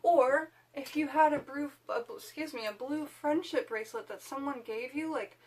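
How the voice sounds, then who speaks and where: A woman's voice: sits high, moderate pace. A woman hosting a witchcraft video, chatting casually to camera in a rambling way with lots of fillers.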